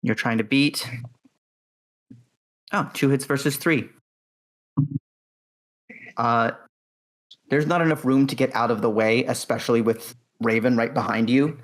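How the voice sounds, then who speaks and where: Calm man running a tabletop game. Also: mid-range voice, measured pace, long pauses, rough recording. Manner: calm, matter-of-fact narration with frequent fillers. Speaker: game master.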